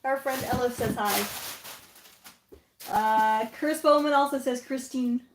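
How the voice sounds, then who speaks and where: A woman's voice: high voice, a little slow. A woman co-hosting a livestream, chatting drily and reading out viewer comments. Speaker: livestream co-host. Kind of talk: casual unboxing chat. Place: home basement. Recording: echoey room with clear background noise.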